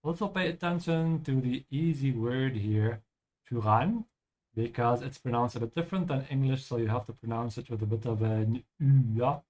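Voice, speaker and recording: Male language teacher, patient, explanatory, frequent check-ins, mid-pitched voice. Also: brisk, hardly any pauses, dark tone. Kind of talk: explaining vocabulary over gameplay.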